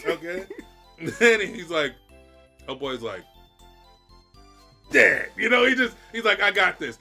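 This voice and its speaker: Middle-aged man, dad reacting to anime, lively storyteller, silly impressions, high voice. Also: slow pace, gravelly, pauses often, music in the background. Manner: animated storyteller acting out scenes in silly voices. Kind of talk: casual reaction chat.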